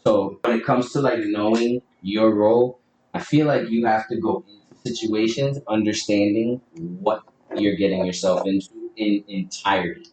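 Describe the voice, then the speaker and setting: A man's voice: on the low side, steady tone, moderate pace, a little mellow. Brief: male podcast co-host, blunt and profane banter, distant mic, roomy echo. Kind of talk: casual podcast chat. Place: room with a live video stream. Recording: echoey room, mic at a distance, faint hiss.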